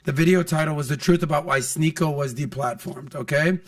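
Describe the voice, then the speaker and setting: A man's voice: fairly high pitch, fairly quick, distant mic. A man hosting a casual podcast chat, telling stories with acted-out quotes. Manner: animated storyteller, acts out quotes. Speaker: podcast host.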